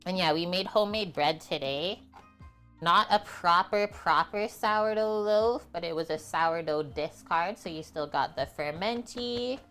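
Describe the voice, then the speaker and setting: A woman's voice: on the low side, measured pace, fairly bright tone, clear, resonant tone, soft background music. A woman hosting a cooking livestream, chatting casually with viewers and laughing easily. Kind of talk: casual chat with stream viewers.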